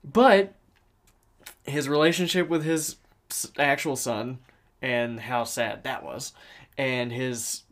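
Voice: mid-range voice, steady tone. A co-host in a casual movie review podcast who rambles, swears freely and often stops and restarts sentences. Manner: rambling, profane, halting restarts.

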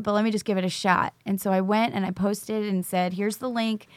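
A woman's voice: medium pitch, level tone, fairly quick, no room sound. A middle-aged woman, a teacher, telling her story in an interview and acting out the dialogue as she goes. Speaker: teacher, recovery school founder.

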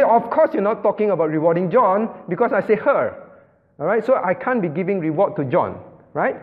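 A man pastor teaching a sermon, explaining step by step and often asking the audience if they follow, with some non-native English phrasing. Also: high voice. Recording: phone-like band, long hall reverb.

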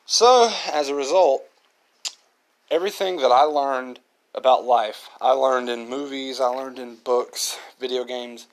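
A man's voice: mid-range voice, measured pace. A man hosting his own podcast, talking in an earnest, reflective monologue and often repeating himself. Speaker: podcast host.

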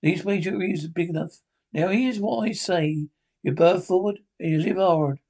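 A man reading aloud and voicing a cunning, boastful old pirate quartermaster in rough sailor dialect. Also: high voice, normal speed, a little mellow. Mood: scornful.

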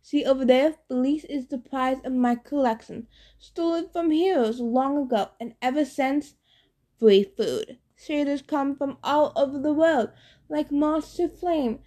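A woman doing a gloating brute cyclops, slow and clipped. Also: high-pitched, warm tone, voice pushed up. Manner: clipped broken speech, gloating. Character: hulking male cyclops, boastful and brutish.

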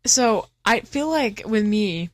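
Brief: young female co-host, mid-pitched, teasing and chatty, dry close mic. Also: expressive, slow pace, no room sound. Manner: teasing, bubbly, laughs often. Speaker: podcast co-host. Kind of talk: casual chat. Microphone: studio headset mic.

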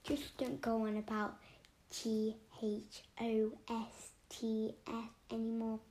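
A woman voicing a fussy, timid young schoolgirl in a whispered role-play, her whisper lifted high and squeaky. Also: monotone, slow, mellow. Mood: fond.

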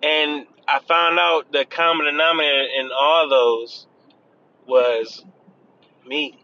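A man's voice: on the high side, fairly even intonation, slow, pushed and bright. A man talking casually to his viewers, loose and chatty, often saying "man" and "y'all". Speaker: vlogger. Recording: dull lo-fi sound with faint vehicle noise.

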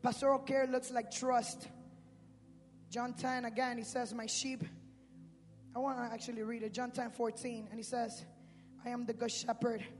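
A male pastor preaching a sermon in street slang, swinging between shouts and hushed speech. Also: very high-pitched, level tone, normal speed, long pauses. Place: church sanctuary. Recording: reverberant hall with music.

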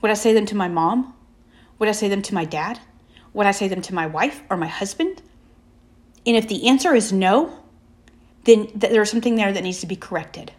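A woman giving a faith-based motivational talk, speaking in emphatic, repeated affirmations with slow, drawn-out pauses. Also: mid-range voice.

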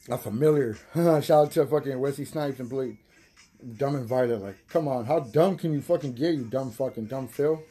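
A young man rambles through a casual podcast, high and swearing freely, often breaking into laughter. His voice sits a bit high for a man, yet it comes across husky and mellow. Faint music runs underneath him. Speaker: podcast host. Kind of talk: casual stoner podcast chat.

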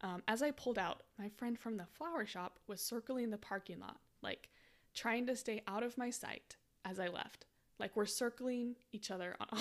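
A woman in her twenties hosting a podcast, telling a story casually with lots of "like" fillers and laughter. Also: a little high. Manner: chatty, frequent "like" fillers, laughs while telling. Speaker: podcast host.

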